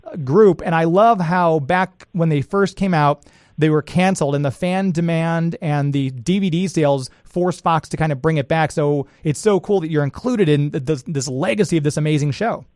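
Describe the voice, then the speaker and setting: A Scottish man hosts the interview, asking long, enthusiastic questions. His voice sits a little higher than most men's. The sound is dry and close, with no room around it. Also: normal speed, a little mellow, no room sound. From Scotland. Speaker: radio host.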